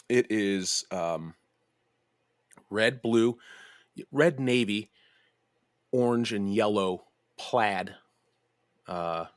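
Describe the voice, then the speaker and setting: A podcast host tells a story in casual chat, profane and animated, leaping into high voices to mimic people. The audio is clean studio sound with no echo.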